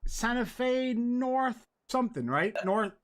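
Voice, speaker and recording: An Irish man hosting a casual livestream, chatting and reading out donations with quick laughs. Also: extremely high pitch, expressive, a crowd in the background. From Ireland. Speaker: host.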